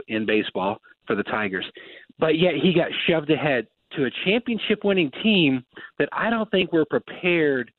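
A man hosting casual racing talk, telling stories with lively quoted voices. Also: medium pitch, no room sound. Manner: animated storyteller, acts out quotes. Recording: dry tinny phone-like sound.

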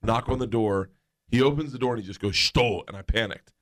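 A man telling a comedic story as a podcast guest, animated and laughing as he goes. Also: on the low side, fast talker, slight background noise. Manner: animated, laughs through his own story.

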